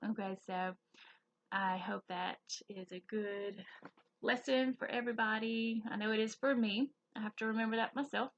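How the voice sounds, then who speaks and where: Southern woman, Sunday school teacher, slow and expressive with kids, dull lo-fi recording. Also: fairly high pitch. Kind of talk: children's Bible lesson.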